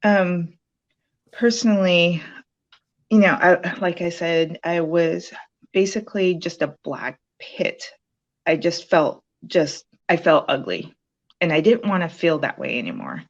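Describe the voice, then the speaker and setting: Low-voiced woman telling her story. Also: animated, a little slow, highs cut off. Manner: rambling, many fillers and restarts. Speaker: program graduate sharing her story. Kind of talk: casual interview testimonial.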